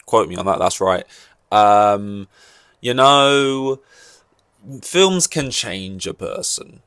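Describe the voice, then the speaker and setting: A man's voice: lowish voice, lively intonation, slow pace, fairly bright tone, clear, resonant tone, no echo, clean studio sound. A man hosting a solo podcast, rambling and joking through casual chat with many fillers and restarts. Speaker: podcast host.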